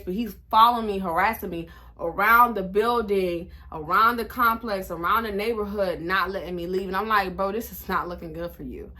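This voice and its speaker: A woman in her twenties telling a storytime vlog in a blunt, animated, profane way. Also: medium pitch. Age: 20s. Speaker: vlogger.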